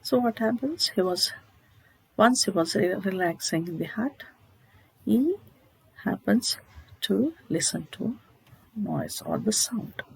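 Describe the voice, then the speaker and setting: Slow and pausing often, a woman teacher walks her literature class through a short story, answering her own rhetorical questions and checking in with "okay?". Her mid-range voice is husky with vocal fry and lively intonation. The recording is dry and low quality.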